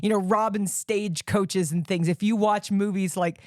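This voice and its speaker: A woman co-hosting a podcast, chatting casually about a movie, animated and quick to laugh and swear. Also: medium pitch, no room sound, studio quality. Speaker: podcast co-host. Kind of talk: casual chat.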